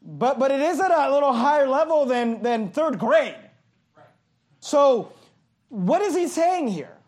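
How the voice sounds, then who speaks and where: A man preaching a passionate sermon, reading scripture slowly and emphatically and adding sarcastic asides. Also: extremely high pitch, expressive, a little mellow. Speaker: pastor.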